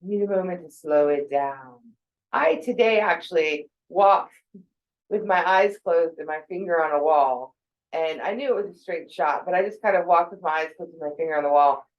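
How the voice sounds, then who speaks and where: A woman's voice: fairly low pitch, moderate pace, highs cut off. A woman in her forties giving a casual, conversational talk about thinking habits, with fillers and quoted asides. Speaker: speaker on mental health.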